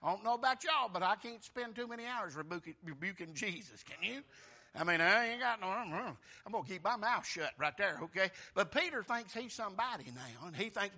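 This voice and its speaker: A male preacher giving a folksy, animated sermon and acting out the scripture characters. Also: high-pitched, normal speed.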